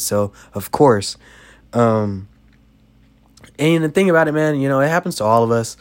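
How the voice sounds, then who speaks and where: A man's voice: mid-range voice, lively intonation, normal speed, long pauses. A young man who is sick and coughing, hosting a podcast and giving casual life advice in a rambling way, full of "you know" fillers. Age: young adult. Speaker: podcast host.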